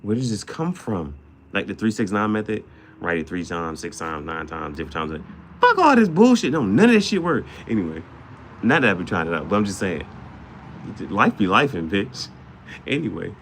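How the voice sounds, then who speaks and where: Gravelly slangy man rambling to camera. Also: expressive, normal speed, fairly bright tone, a little hiss or hum. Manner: slangy and swearing, jumps between topics, laughs often; voice shoots up high for sudden outbursts. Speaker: vlogger. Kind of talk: casual rambling monologue to camera.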